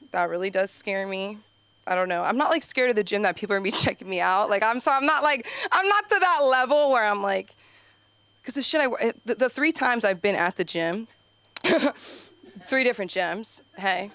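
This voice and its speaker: A woman's voice: mid-range voice, fairly bright tone, clean tone, no room sound. A woman comedian opening a stand-up show, talking in a rambling, self-interrupting way. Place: comedy club stage.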